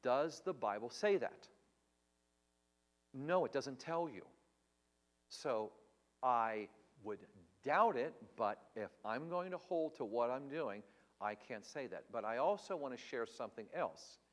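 A man's voice: mid-range voice, expressive, measured pace, in a large hall. Earnest preaching man, emphatic questions. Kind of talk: livestreamed Bible Q&A teaching.

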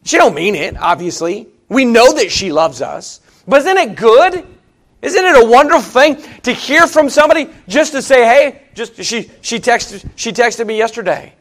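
A pastor in middle age delivers a fired-up sermon. His voice sits very high for a man and leaps across a wide, lively range. He drops into quiet asides, then climbs into loud, emphatic refrains. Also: moderate pace. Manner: emphatic preaching, swinging from hushed asides to shouted refrains.

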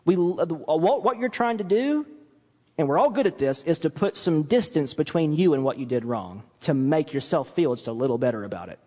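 A man preaching a sermon as pastor, lively and animated, acting out quoted apologies as he teaches. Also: fairly high pitch, normal speed, big-room sound. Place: church sanctuary.

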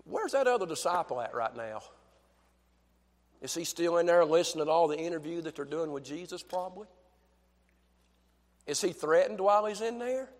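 A male preacher delivering a fervent sermon in a church, dropping to a hush and then building to shouts with repeated phrases. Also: a little high, sing-song, moderate pace, pauses often, big-room sound.

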